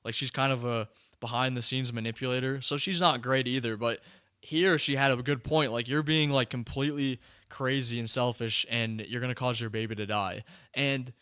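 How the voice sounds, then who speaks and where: Bright, crisp-voiced man rambling on a podcast. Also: medium pitch, moderate pace. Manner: rambling, animated, lots of fillers and restarts. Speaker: podcast host. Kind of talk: casual podcast chat.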